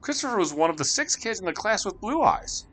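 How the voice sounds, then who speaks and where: A man's voice: sits high, sing-song, brisk, a bit bright, faint music behind. A man narrating a spooky children's story with dramatic, shifting delivery.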